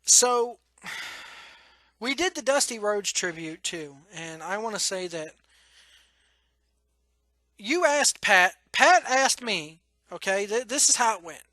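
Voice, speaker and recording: A man's voice: high-pitched, lively intonation, takes it slowly, long pauses, pushed and bright, dry recording. A man hosting his podcast, venting frankly and emotionally, cursing and restarting his sentences. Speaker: podcast host. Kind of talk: blunt personal rant.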